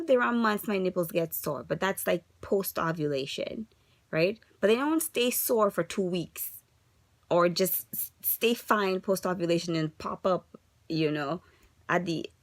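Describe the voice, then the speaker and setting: A woman's voice: fairly low pitch, gravelly, no echo. A woman in her thirties vlogging an upset, rambling update, asking frustrated rhetorical questions while holding herself together. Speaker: vlogger sharing a fertility journey update. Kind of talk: casual confessional vlog.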